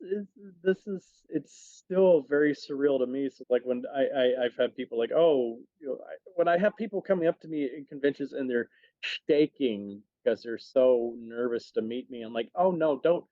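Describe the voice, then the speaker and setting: A man chatting as a podcast guest, telling stories animatedly with lots of quick restarts. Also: medium pitch, no room sound. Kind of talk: casual chat, storytelling. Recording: dull dry sound.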